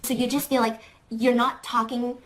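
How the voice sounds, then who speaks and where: A woman in a played clip telling a personal story, shaken and halting as she searches for words. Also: on the high side, little pitch movement.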